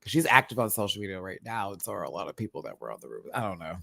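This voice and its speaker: A man hosting a live review stream in a campy, expressive, chatty manner, laughing often. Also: low-pitched, rapid-fire, gravelly, husky, no room sound, clean studio sound. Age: adult, remembers childhood. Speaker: host reviewing a TV competition. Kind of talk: live-stream commentary chat.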